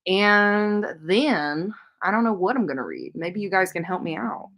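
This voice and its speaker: A woman hosts a casual reading sprint livestream, chatting, reading viewer comments aloud, answering them, and telling rambling personal stories. Her lowish voice is expressive and a bit bright, at a moderate pace.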